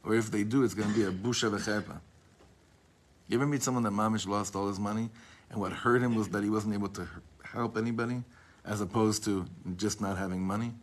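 A man teaching a class, reading passages slowly and retelling them with rising feeling, with casual asides and frequent restarts. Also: fairly low pitch, fairly even intonation. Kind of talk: storytelling lesson.

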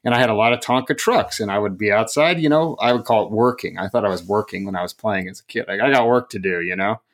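A young man co-hosting a casual podcast, telling stories in a lively, jokey way. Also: fairly low pitch, fast. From rural area. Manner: animated, jokey, lively storytelling. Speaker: podcast co-host.

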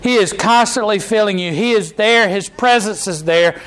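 Preacher guy, pretty high voice, chatty sermon, lots of uhs and restarts. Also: moderate pace, a bit bright, rough recording. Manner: conversational preaching with frequent restarts and fillers. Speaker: pastor.

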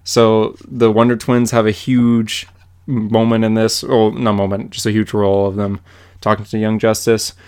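A man's voice: lowish voice, normal speed, smooth. A young man co-hosting a podcast, chatting casually and animatedly, with lots of fillers. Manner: animated, filler-heavy comic recaps. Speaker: podcast co-host. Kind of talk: casual chat.

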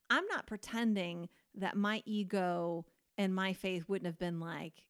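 A woman's voice: medium pitch, measured pace, hardly any pauses. Woman pastor, middle-aged, casual podcast chat; earnest and open, loose and conversational. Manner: earnest, candid, many fillers like "like" and "you know".

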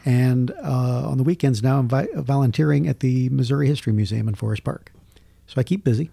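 A man's voice: mid-range voice, fairly quick, creaky, breathy edge, no echo. A man, a film critic telling jokey stories in casual chat. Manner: storytelling, jokey, lively asides. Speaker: podcast guest, film critic.

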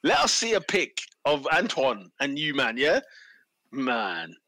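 A man, co-hosting a casual sports chat, animated and laughing often. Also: medium pitch, measured pace, dry recording. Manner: animated, laughing, London slang. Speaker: podcast co-host.

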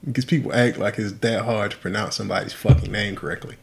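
A man's voice: fairly low pitch, fairly even intonation, fast, creaky. Profane emphatic podcast co-host man. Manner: emphatic, profane, rising to loud exasperation when worked up. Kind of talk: casual podcast chat.

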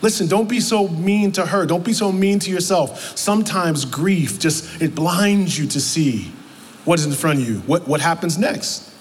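A man preaching a sermon as pastor, in a conversational, animated way that keeps breaking into acted-out quotes. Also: on the high side, moderate pace, breathy edge. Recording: long reverb of a large hall, faint noise.

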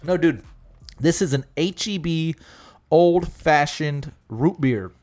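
A man hosting a podcast in casual banter, loud and joking with lots of swearing. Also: on the high side, takes it slowly. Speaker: podcast host.

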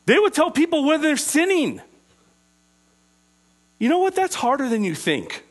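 High-pitched male preacher, interactive teaching sermon, quizzes the room, stretches out key phrases. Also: wildly swooping pitch. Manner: asks the listeners questions, slows down on key phrases.

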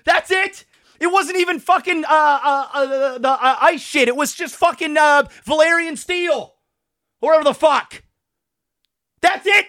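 A man co-hosting a podcast, ranting in a heated, profane and exasperated way, worked up and sweating as he shouts. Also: extremely high pitch, moderate pace, dry recording, studio quality. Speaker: podcast co-host.

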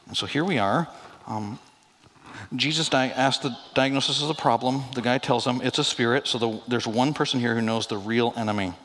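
A man preaching a sermon as pastor, conversational and animated, acting out quoted lines with asides. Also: medium pitch, brisk. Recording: long hall reverb.

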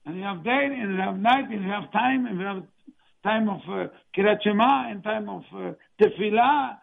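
Male religious teacher, high gravelly voice, halting English, tinny radio sound. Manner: mixes Hebrew phrases into halting English, slow emphatic stresses. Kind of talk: Tisha B'Av talk.

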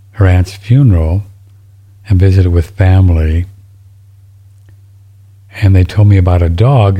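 Low, dark-voiced rambling man. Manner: rambling, folksy, easily moved to tears. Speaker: show host reading listener emails. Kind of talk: casual chat.

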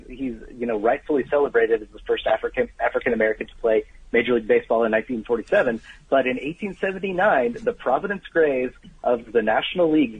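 A man's voice: medium pitch, husky, dry recording. Enthusiastic man on a tinny phone line. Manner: animated, storytelling, enthusiastic about trivia. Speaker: guest author. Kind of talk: phone-in radio interview. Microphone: telephone.

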